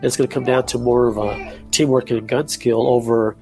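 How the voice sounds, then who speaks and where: A man's voice: medium pitch, fairly even intonation, moderate pace, darkish tone, faint music behind. A man from Texas, a podcast guest giving laid-back gaming advice. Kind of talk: casual gaming podcast chat.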